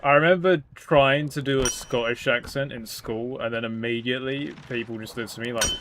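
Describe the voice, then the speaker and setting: A man's voice: mid-range voice, fairly even intonation, moderate pace, a bit bright, a little hiss or hum. A British man streaming a game, chatting casually in a rambling, self-deprecating way with lots of "like" fillers. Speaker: gaming streamer. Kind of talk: casual stream chat while playing.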